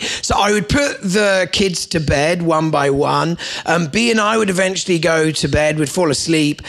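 A man gives a sermon in church, his slightly high voice carrying a gravelly edge. He tells family stories with playful asides and light humour, and now and then does lively voices for his children. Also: moderate pace. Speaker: guest pastor.

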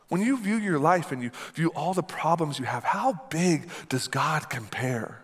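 A man's voice: on the high side, expressive, moderate pace, hardly any pauses, slightly rough. A man delivering an emphatic sermon as pastor, repeating lines and asking the congregation to answer back. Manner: emphatic, repetitive, call-and-response.

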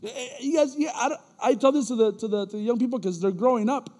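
A man preaching a casual, animated sermon in a church as an elder, using slang and acting out quoted voices. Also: very high voice, fast, big-room sound.

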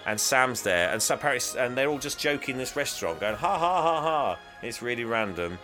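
A man co-hosting a podcast, casually recapping a movie in a rambling, animated way. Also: medium pitch, fast talker, over music. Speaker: podcast co-host. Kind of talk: casual film recap chat.

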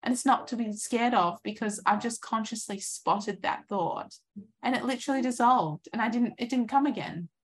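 A woman in her thirties giving an earnest, encouraging coaching talk, acting out inner thoughts in lively voices. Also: a little high, normal speed. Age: 30s.

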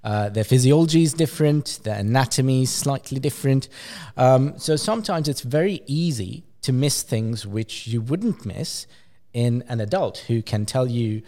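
A man, a pediatric clinician, explaining a research paper in a journal club discussion with lively emphasis and frequent fillers. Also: mid-range voice, normal speed.

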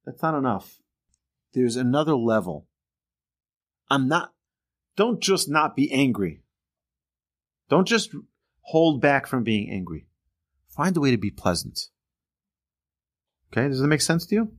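A man, a rabbi, giving an informal class on character traits in a conversational, animated way, often acting out quoted speech. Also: mid-range voice, measured pace, pauses often. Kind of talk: informal Torah class lecture.

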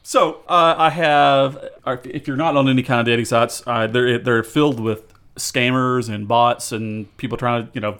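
A man's voice: mid-range voice, fairly even intonation, moderate pace, fairly bright tone, smooth. A man co-hosting a casual podcast, talking in a rambling way with restarts. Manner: rambling with frequent restarts and laughter. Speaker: podcast co-host.

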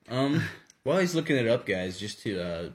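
A young man co-hosting a casual faith podcast, rambling with many fillers and restarts. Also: mid-range voice. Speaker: co-host.

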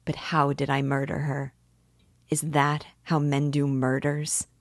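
A feverish, tormented young man pours out a self-justifying confession, read by a woman. The voice sits low and moves slowly, with a dry, close sound. It is an audiobook reading. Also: monotone, no room sound. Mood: anguished. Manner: intense confessional monologue.

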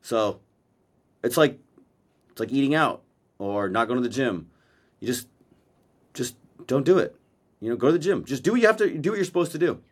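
A man's voice: medium pitch, animated, moderate pace, long pauses. A man co-hosting a podcast in casual chat, blunt and profane, a self-described verbal processor talking over a video call. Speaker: podcast co-host. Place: Maui.

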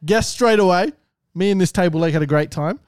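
A man's voice: high voice, a little fast, darkish tone, clear, resonant tone, no echo, studio quality. An Australian man co-hosting a podcast who talks bluntly, swears and teases the others. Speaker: podcast co-host. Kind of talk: casual chat.

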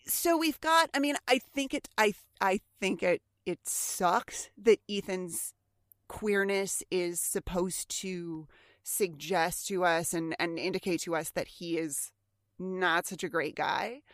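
A woman co-hosting a podcast in casual chat, animated, swearing casually and acting out quoted lines. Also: lowish voice, slow, dry recording, clean studio sound. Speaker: podcast co-host. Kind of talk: casual chat about a TV show.

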